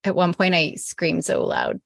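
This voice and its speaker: Woman, middle-aged, podcast co-host, rambling storyteller, gravelly, dry close sound. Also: on the low side, steady tone, measured pace, dry recording. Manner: rambling, self-correcting storyteller. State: recovering from illness. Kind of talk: casual chat.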